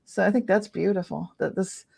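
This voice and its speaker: A woman's voice: medium pitch, a little fast, creaky, darkish tone, breathy edge. A woman on a livestream panel who gives reflective, upbeat intuitive readings.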